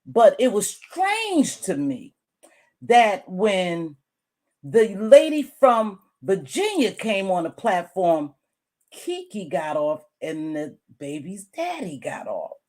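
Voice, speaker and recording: A woman's voice: medium pitch, sing-song, slow pace, dark tone. A woman giving a casual commentary monologue, chatty and musing, repeating her points and chewing gum as she talks. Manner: chewing gum while talking. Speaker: YouTube commentator.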